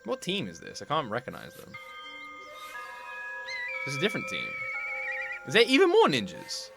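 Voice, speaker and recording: A man hosting an anime reaction video, chatting casually and excitedly, joking and swearing as he reacts. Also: on the high side, moderate pace, creaky, over loud music. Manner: excitable, animated, jokey, swears freely.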